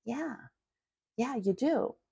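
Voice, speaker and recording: A woman's voice: on the high side, animated, slow pace, vocal fry, dark tone, husky, no room sound. A middle-aged woman coaching on money in a casual livestream, blunt and chatty with casual swearing.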